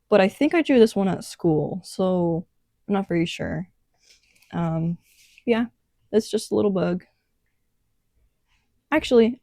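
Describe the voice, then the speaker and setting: A young artist vlogger gives a relaxed, rambling tour of her sketchbook, with lots of "um" and "like" filling the gaps. She speaks slowly in a warm, mellow voice of medium pitch with some vocal fry, recorded dry and close without room echo.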